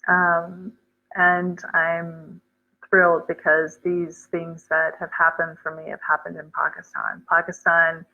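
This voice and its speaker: An American woman speaks casually on a livestream, reading viewer comments and answering them, often slipping in Urdu words. Her voice sits a little low, and the recording is somewhat muffled and lo-fi. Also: pushed and bright. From United States. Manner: chatty, reads comments aloud, mixes in Urdu words.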